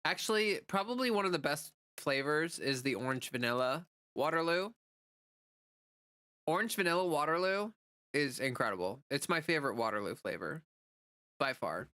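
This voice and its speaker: A woman's voice: low-pitched, lively intonation, moderate pace, a bit bright, no room sound, studio quality. A woman streamer in casual live chat, answering chat messages in a chatty way with lots of "like" fillers.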